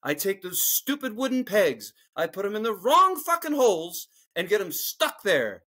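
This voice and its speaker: A man's voice: high voice, very animated, normal speed, sharp tone. A middle-aged man from Philadelphia, co-hosting a podcast and telling a profane, ranting story in casual chat. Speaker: podcast co-host.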